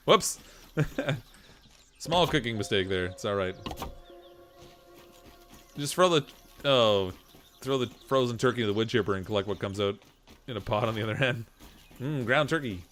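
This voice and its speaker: A man's voice: mid-range voice, expressive, a little slow, long pauses, a bit bright. A man with a Canadian accent, chatting casually while gaming, reading chat comments aloud and laughing often. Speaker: gameplay streamer reading chat.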